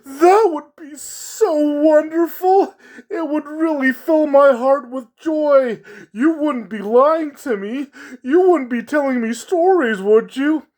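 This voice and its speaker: A man voicing a sad, lonely male circus clown in a high, wavering, tearful voice. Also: takes it slowly, a little mellow. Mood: tearful hope. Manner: pleading and whimpering. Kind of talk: storytelling with voices.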